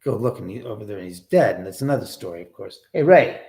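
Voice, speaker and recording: Mellow-voiced man rambling on a livestream. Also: on the low side, quick pace. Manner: rambling, profane, talks to his dog. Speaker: livestream host. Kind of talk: casual live-stream chat. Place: his house, indoors.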